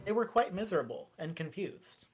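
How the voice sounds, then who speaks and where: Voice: mid-range voice, expressive, fairly quick, slightly rough. A game master voicing a polite, cheerful robot guide who speaks matter-of-factly about grim things, in a tabletop role-play.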